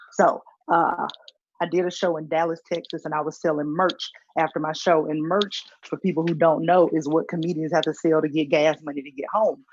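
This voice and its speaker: A woman doing stand-up, telling animated stories and acting out the people in them. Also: deep voice, slight background noise. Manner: animated, acts out characters in her stories. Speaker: stand-up comic. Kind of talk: stand-up storytelling. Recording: dull lo-fi stream audio.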